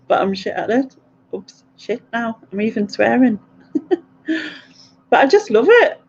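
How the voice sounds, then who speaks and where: A woman's voice: on the high side, creaky, a little mellow, muffled recording, slight background noise. A middle-aged woman, chatting and giggling through a casual live question-and-answer stream.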